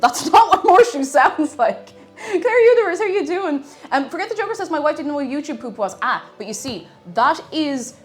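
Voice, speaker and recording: Chatty, playful woman streamer with faint music. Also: fairly high pitch. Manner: chatty and playful, laughs often, hums to herself. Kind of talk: casual live-stream chat.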